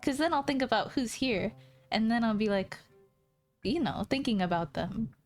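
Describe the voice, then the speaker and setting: A woman's voice: a little high, animated, moderate pace, faint music behind. Giggly, playful woman streamer. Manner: giggly, playful and teasing, talks straight to viewers. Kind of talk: casual chat stream.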